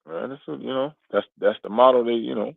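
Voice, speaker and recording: A man's voice: mid-range voice, steady tone, a little fast, creaky, no echo. A man calling in to a livestream, chatting casually in a rambling way full of fillers. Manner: rambling, filler-heavy, says "bro". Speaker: guest caller. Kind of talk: casual chat. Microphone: phone line. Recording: tinny, dry phone line.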